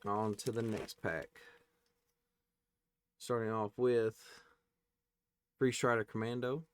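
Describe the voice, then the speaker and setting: A man hosting a casual pack-opening video, reading card names aloud and tossing in quick offhand reactions. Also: on the low side, steady tone, smooth. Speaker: card-opening channel host.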